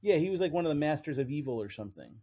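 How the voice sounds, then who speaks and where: A man's voice: on the high side, big pitch swings, rapid-fire, warm tone. A man co-hosting a chat show, explaining comic book history and trivia in a casual, slightly hesitant way. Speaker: podcast co-host.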